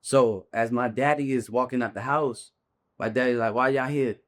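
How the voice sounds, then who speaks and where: A man's voice: mid-range voice, steady tone, normal speed. A man, a bare-knuckle fighter, earnestly recounting a painful memory as a podcast guest, often checking in with his listener. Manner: earnest, urgent retelling, often checks in with "you feel me". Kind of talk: personal storytelling in a podcast interview.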